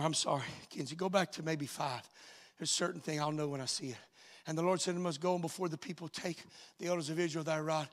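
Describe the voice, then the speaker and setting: A man preaching a sermon, swinging from shouted, sung-out lines to quiet asides. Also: a little high. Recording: reverberant hall sound.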